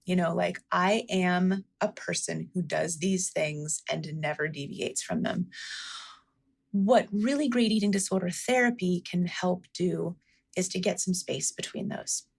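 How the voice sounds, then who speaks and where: A woman's voice: lowish voice, unhurried, creaky, slightly rough. A woman physician answering interview questions in an earnest, explanatory way, stressing each word in a list. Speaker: physician guest.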